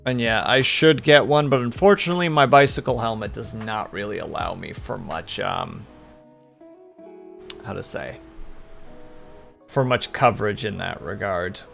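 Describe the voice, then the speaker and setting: A man's voice: lowish voice, moderate pace, creaky, pauses often, a bit bright, soft background music. A man streaming live, chatting casually and rambling to his chat.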